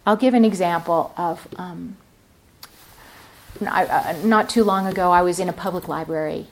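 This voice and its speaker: A woman's voice: fairly low pitch, normal speed. A woman meditation teacher giving a dharma talk at a retreat center, reflective and telling a story. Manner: reflective, storytelling, many fillers.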